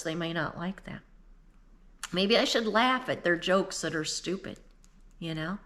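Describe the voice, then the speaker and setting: A woman's voice: fairly low pitch, measured pace, long pauses, a bit bright. A woman in her fifties giving an earnest, emotional devotional talk, speaking straight to the listener and tearful at times. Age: 50s. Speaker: Christian speaker.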